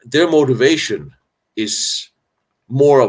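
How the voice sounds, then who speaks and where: A man's voice: mid-range voice, normal speed. A man hosting a live stream Q&A on battlefield history, talking candidly and rambling, with sarcastic asides and frequent restarts. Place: indoors, traveling on location.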